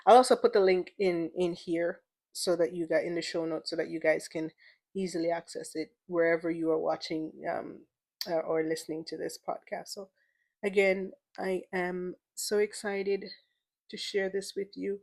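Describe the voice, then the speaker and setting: A woman's voice: fairly low pitch, steady tone, moderate pace, a little mellow. Chatty emotional woman podcast host. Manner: chatty, playful, emotional, repeats words for emphasis. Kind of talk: casual solo podcast monologue.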